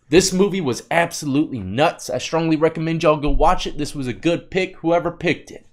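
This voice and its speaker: A man's voice: a little high, brisk. A man hosting a reaction vlog, talking about prison life in a laid-back, slangy way. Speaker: host reacting to clips, formerly incarcerated. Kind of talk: casual reaction commentary.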